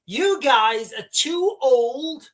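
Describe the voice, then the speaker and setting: A man's voice: very high-pitched, expressive, extremely slow, a bit bright, far from the mic, pitched above the performer's own voice, exaggerated voice. A man with a northern English accent voicing a blunt, mocking male world leader.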